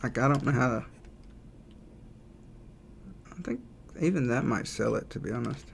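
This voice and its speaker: At normal speed and with a creaky, mid-range voice, a game developer chats on his livestream as he draws. Slight background noise is audible while he casually thinks aloud and reads out chat messages to answer them.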